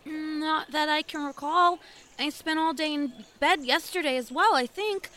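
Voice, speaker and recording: A woman's voice: sits high, measured pace, pushed and bright. An actress playing a polite, formal young nun speaking to her abbess. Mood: dazed.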